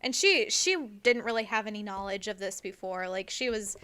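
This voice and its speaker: A young woman co-hosts a podcast, her mid-range voice clear and resonant at a normal speed. She tells a story in casual chat, animated and cheerfully swearing, stuffing it with fillers and trailing off on words like "like."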